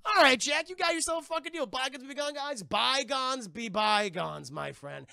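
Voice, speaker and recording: A man's voice: very high-pitched, lively intonation, moderate pace, gravelly, sharp tone, no room sound, clean studio sound, pitched above the performer's own voice, heavily acted. A man doing a scheming old pirate captain. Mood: gleeful.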